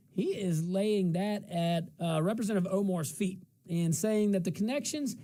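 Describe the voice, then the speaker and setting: A man's voice: high-pitched, darkish tone. A man hosting a political talk show, chatting casually and giving opinions. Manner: casual, opinionated, laughing asides. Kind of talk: political talk radio commentary.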